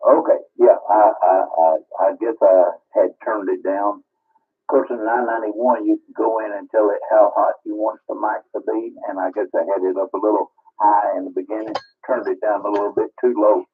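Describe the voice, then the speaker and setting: A man's voice: lowish voice, flat delivery, normal speed. A man calling in to a ham radio net, easygoing and joking in casual chat. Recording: tinny radio transmission.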